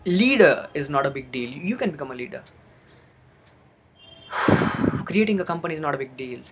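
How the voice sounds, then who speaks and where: A man's voice: a little high, animated, normal speed, fairly bright tone, a little hiss or hum. A young man giving an earnest motivational talk, repeating phrases for emphasis. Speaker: motivational speaker. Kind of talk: motivational monologue.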